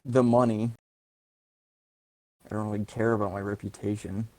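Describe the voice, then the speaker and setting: A man with a somewhat low voice plays his turn in a tabletop game. He talks hesitantly, fills gaps, cracks jokes and swears casually. His tone is relaxed table chatter. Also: moderate pace, a little hiss or hum. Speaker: player.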